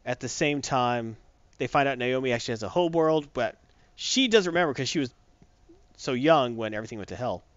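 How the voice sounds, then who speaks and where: Animated man retelling a comic. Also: mid-range voice, dry recording, highs cut off. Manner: animated, acts out lines in quick voices. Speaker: comic recap host. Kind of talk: casual recap of a comic book.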